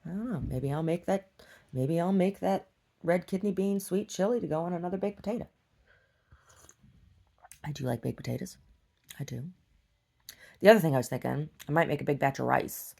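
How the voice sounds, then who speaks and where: A woman's voice: sits low, vocal fry, mellow. A woman vlogger rambling to herself in a casual video diary.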